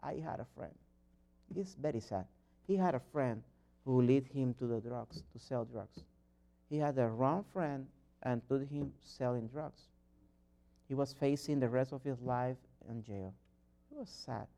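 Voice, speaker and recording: Man, preacher, earnest sermon, restarts, builds to loud fervor. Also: mid-range voice, a little slow. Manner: earnest, rising to loud fervent exhortation; non-native phrasing and frequent restarts.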